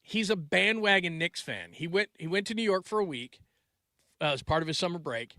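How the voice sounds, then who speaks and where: This sports talk host, a man in his forties, has a high-pitched, expressive voice and talks fairly quickly on a dry, clean studio recording. His delivery wanders, with restarted sentences and thoughts left hanging, and family anecdotes make him loud and full of laughter.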